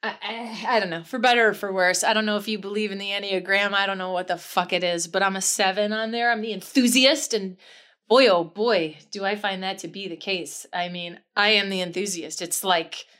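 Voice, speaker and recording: A woman improv comedian talking candidly as an interview guest, effusive and self-deprecating, with quick swings in energy. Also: medium pitch, steady tone, a bit bright.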